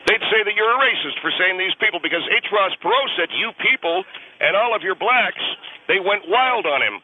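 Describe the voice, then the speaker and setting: A man's voice: high voice, lively intonation, fairly quick, voice pushed up. A man voicing a rambling, self-justifying middle-aged conservative male caller who speaks in a blustering, hyperbolic way. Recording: noisy tinny phone line.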